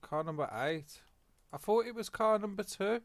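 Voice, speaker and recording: A man giving live commentary on his sim racing, excitable and sweary, swinging between mutters and loud outbursts. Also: high voice, moderate pace, slight background noise.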